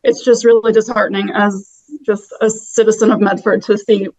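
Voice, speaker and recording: A woman, a parent, giving earnest, halting public comment over a video call, sounding frustrated. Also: medium pitch, flat delivery, a little mellow, no echo. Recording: muffled video call audio.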